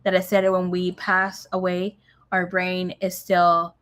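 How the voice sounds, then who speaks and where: A woman's voice: on the low side, completely flat delivery, measured pace, fairly bright tone, clean tone. A young woman giving a casual tarot reading, chatty and swearing freely, with Spanish phrases dropped into her talk. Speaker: tarot reader.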